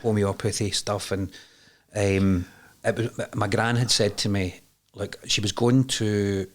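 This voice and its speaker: A Scottish man in his forties, a podcast guest telling his story candidly, animated and quick to laugh, with plenty of restarts and some swearing. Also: on the low side, slight background noise.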